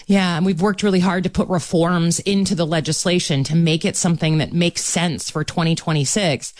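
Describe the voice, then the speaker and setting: A woman senator answering interview questions in a measured, earnest way, often pausing with ums. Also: on the low side, steady tone, no echo. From Michigan. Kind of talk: political interview.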